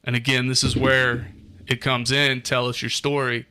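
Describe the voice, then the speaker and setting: Male podcast co-host, bright voice, loose and profane, reads numbers aloud. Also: mid-range voice, little pitch movement, moderate pace, smooth. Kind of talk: casual podcast chat.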